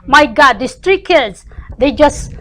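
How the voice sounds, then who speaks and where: A woman's voice: high-pitched, lively intonation, slow, fairly bright tone. A woman with a voice, speaking in passionate, indignant bursts on a talk show. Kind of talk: heated political opinion.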